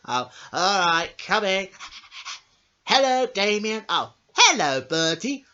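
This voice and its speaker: A woman's voice: mid-range voice, very animated, a little slow, sharp tone, highs cut off. A woman performing every character in a homemade comedy play, giggling often and switching between silly voices. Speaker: hobby puppet show creator voicing all characters.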